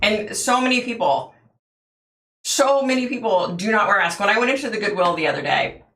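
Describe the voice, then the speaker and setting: A woman's voice: medium pitch, animated, brisk, fairly bright tone, roomy sound. A woman hosting a livestream, telling stories in a chatty way, laughing often and answering viewers' comments. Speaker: livestream host. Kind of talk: casual chat with viewers.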